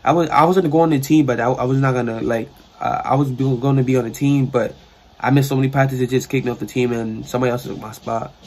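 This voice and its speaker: Fast-talking young New York man. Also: medium pitch. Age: young adult. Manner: rambling, slangy, animated retelling. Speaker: storyteller vlogger. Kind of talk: casual storytime. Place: sister's room.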